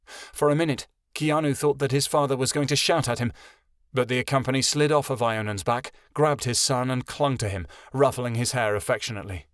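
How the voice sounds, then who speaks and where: A man narrating a fantasy audiobook in an even storytelling manner. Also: medium pitch, fairly quick, no room sound, studio quality.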